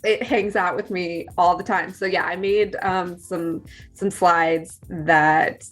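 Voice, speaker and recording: A woman with a Californian accent talks in a low, easy voice, filling her sentences with ums and restarts. She explains things like a teacher in a relaxed conversation. Faint music plays behind her. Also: takes it slowly. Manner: chatty, many fillers and restarts. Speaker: guest teacher. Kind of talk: casual conversation.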